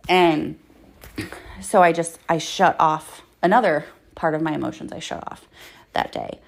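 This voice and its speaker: A woman's voice: low voice, fairly even intonation, a little slow, gravelly. A woman hosting a podcast, telling her own story in a raw, blunt way with heavy swearing and lots of fillers. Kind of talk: candid personal storytelling.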